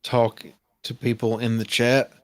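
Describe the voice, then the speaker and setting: A man's voice: medium pitch, flat delivery, a little slow, no room sound. A man co-hosting a casual livestream chat, rambling, interrupting himself and swearing casually. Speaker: co-host.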